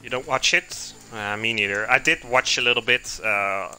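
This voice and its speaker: A man's voice: medium pitch, moderate pace, bright, forceful tone, soft background music. A man hosting a live cooking stream, chatting casually with viewers and answering chat while he cooks in a home kitchen.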